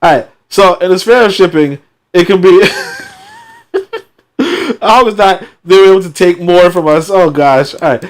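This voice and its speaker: Man host, higher voice, reads a book then breaks into sarcastic animated asides. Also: moderate pace, pauses often. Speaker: host reading a book aloud. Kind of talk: reading a book aloud with commentary.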